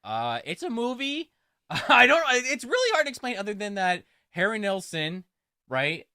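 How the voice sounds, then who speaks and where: A man co-hosting a casual livestream, talking in an animated, profane, joking way. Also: high-pitched, normal speed, smooth, no echo, studio quality. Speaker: podcast co-host.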